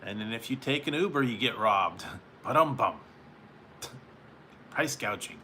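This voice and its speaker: Chuckling, rambling live-stream host, bright-voiced man. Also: medium pitch, expressive, unhurried, slight background noise. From California. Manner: rambling, chuckling often between remarks. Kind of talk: casual chat with viewers.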